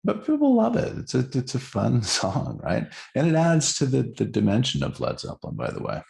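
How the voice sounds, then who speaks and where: A middle-aged man co-hosting a podcast about records, telling stories and trivia about a band in casual, animated chat. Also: mid-range voice, a little fast, vocal fry. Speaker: podcast co-host.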